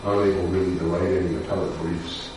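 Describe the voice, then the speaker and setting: Low voiced guy telling a grim story slow and somber, far off mic, lots of room echo. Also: little pitch movement, background noise. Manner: measured, somber, with pauses and fillers. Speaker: defense lawyer. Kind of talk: personal storytelling talk. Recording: echoey room picked up from afar.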